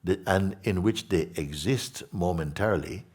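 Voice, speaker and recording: A man giving a spiritual satsang talk to an audience, gentle and unhurried, repeating simple phrases and asking his listeners questions. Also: deep voice, husky. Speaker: spiritual teacher.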